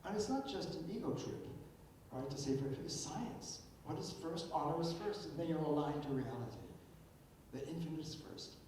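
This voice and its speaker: Older male keynote speaker, higher-pitched voice, emphatic lecture style, recorded from afar in a big echoing hall with a faint rumble. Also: moderate pace, a little mellow. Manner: emphatic, repeats words when restarting. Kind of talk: philosophical lecture. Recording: echoey hall, distant mic, faint rumble.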